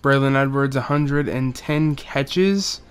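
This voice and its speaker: A man's voice: mid-range voice, takes it slowly, clean tone. A young man giving casual, joking commentary over a football video game, rambling through stats and doing mock play-by-play. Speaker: gaming YouTuber.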